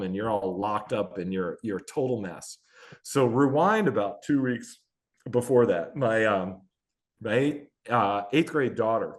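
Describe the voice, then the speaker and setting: A man in his forties, a veteran endurance athlete, telling candid, self-deprecating stories in a casual interview, with many fillers. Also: fairly low pitch. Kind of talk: casual storytelling in a podcast-style interview.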